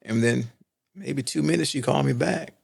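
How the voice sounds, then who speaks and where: A middle-aged Texan with a creaky, mid-range voice and a breathy edge speaks at a moderate pace. As a casual podcast guest, he shares personal stories earnestly, repeats points to stress them, and keeps asking "right?".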